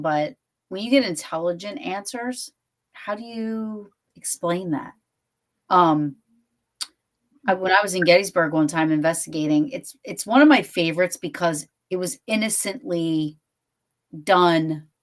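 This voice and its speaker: Chatty woman host with a lowish voice. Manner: chatty, filler-heavy. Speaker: podcast host. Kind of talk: casual interview chat.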